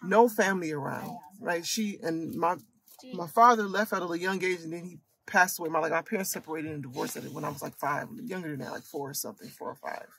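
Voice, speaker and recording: A woman's voice: sits low, fast talker, vocal fry, fairly bright tone, a little hiss or hum. A woman in her late thirties from Michigan, hosting a casual storytime, talking in a candid, earnest way that circles back and repeats itself. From Michigan, USA. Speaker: host and coach for women.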